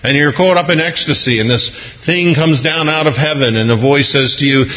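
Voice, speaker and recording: A man's voice: fairly high pitch, fairly quick, hardly any pauses. Folksy male preacher on muffled radio. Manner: folksy, humorous, acts out scenes with voices. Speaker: pastor. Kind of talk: sermon. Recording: muffled radio broadcast with long reverb.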